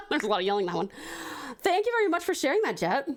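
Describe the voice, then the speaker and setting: A woman from Australia with an Australian accent, an expressive streamer reading viewer stories aloud and chatting effusively. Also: high voice, fast talker. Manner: expressive, warmly effusive to chat. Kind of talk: dramatic storytelling reading.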